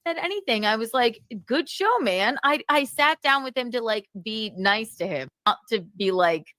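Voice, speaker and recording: A woman hosting a livestream, ranting heatedly about a man and swearing, with sudden loud outbursts and lots of repetition. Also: on the high side, expressive, moderate pace, dry recording. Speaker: livestream host. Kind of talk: angry gossip rant on a livestream.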